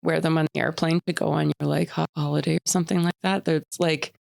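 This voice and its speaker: A woman's voice: low-pitched, little pitch movement, fast, creaky, a little mellow, no room sound. A woman co-hosting a podcast in casual chat, playful and self-mocking, laughing often. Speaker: podcast co-host.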